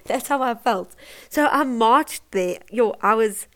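A woman's voice: on the high side, lively intonation, takes it slowly, a bit bright. Emotional woman telling her birth story. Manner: emotional, laughs often, acts out quoted voices. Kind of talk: personal storytelling.

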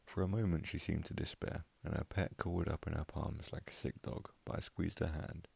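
Very deep gravelly man telling a story. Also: fairly even intonation, fairly quick, hardly any pauses. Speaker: narrator. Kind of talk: storytelling reading. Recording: loud background music under voice.

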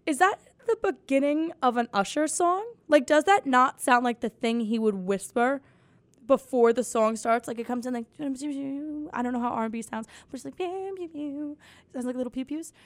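A woman's voice: sits high, normal speed, dry recording. A young woman hosting a casual comedy podcast, sarcastic and swearing freely, mocking quotes in put-on voices. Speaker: podcast host.

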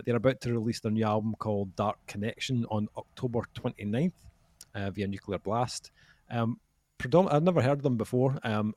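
A man hosting a music podcast, introducing segments in a relaxed way with frequent ums. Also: mid-range voice, no echo, studio quality. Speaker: podcast host. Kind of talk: casual chat.

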